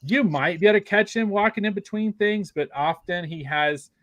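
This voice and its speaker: A man hosting a podcast, gushing with excitement and stumbling over his words in casual chat. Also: high voice, normal speed, no room sound, muffled recording. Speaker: podcast host.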